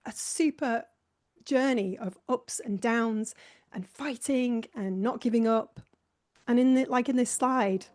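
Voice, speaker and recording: A woman hosting a live online session, talking casually through her slides in a chatty, self-mocking way and laughing often. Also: high-pitched. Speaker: host presenting a slideshow.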